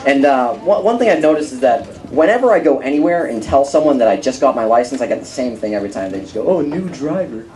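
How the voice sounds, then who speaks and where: A teenage boy doing a stand-up comedy set in a club, deadpan one-liners with some stammering into a stage mic. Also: medium pitch, quick pace, few pauses. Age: teens. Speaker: stand-up comic. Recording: live club with loud crowd and noise.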